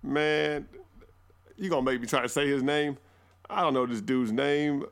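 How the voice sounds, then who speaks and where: Gravelly-voiced man bantering on a podcast. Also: mid-range voice, steady tone, normal speed, fairly bright tone. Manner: joking, self-deprecating banter. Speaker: podcast co-host. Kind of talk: casual sports chat.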